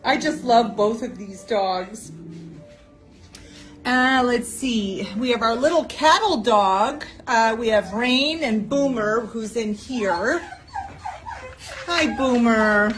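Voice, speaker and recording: A woman's voice: fairly high pitch, takes it slowly, soft background music, poor audio. A woman giving a live walkthrough of rescue kennels, laughing often and cooing at the dogs, recorded on a handheld phone in an indoor kennel. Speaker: dog rescue worker.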